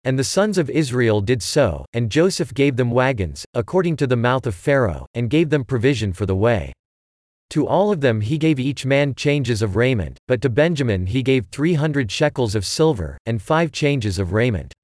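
A man giving a steady, measured scripted reading of a Bible chapter. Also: mid-range voice, no room sound, clean studio sound. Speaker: scripture reader.

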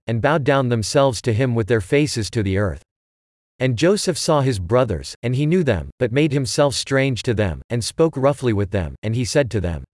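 A man giving a steady, measured scripted reading of scripture. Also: mid-range voice, dry recording, studio quality. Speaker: scripture reader.

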